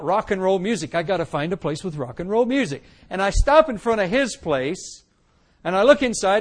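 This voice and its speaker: A middle-aged man giving an animated personal testimony, telling his story dramatically and laughing at times. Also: sits high. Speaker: testimony speaker.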